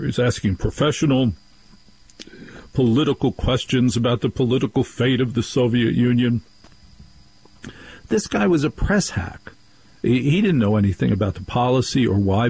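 A husky, mid-pitched man hosts a talk radio show. He tells stories in an animated way and does the voices of the people in them. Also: rough recording. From New Jersey. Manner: animated storytelling, acts out quoted voices.

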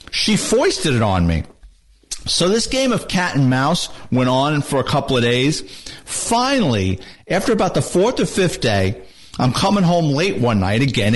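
An older man, a retired detective telling a wisecracking comic story. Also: fairly high pitch. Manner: animated, wisecracking.

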